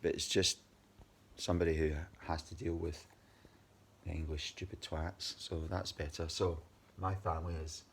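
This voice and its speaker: A man's voice: deep voice, little pitch movement, moderate pace, gravelly, a little hiss or hum. A Scottish man in his fifties, exhausted, rambling and swearing angrily in a personal video diary. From Scotland. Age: 50s. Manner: agitated, rambling, heavy swearing. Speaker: video diarist.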